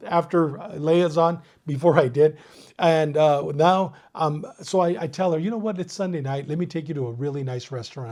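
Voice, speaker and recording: A retired male police detective telling a story as an interview guest, animated and acting out both sides of his phone calls. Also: fairly high pitch. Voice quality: bald.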